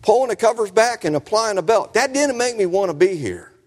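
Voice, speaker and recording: Folksy preacher, lively voice. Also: male voice, high voice, a little fast. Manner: folksy storytelling preaching, asks the congregation questions. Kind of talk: sermon. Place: church sanctuary. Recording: reverberant church hall.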